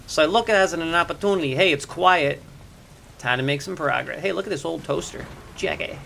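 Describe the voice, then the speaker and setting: A man with a bright, forceful voice streams a game live. He thinks aloud and talks to his chat all the way through. He gets loud and jumpy when something startles him. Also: on the high side, brisk, vocal fry, a little hiss or hum. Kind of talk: live gameplay commentary.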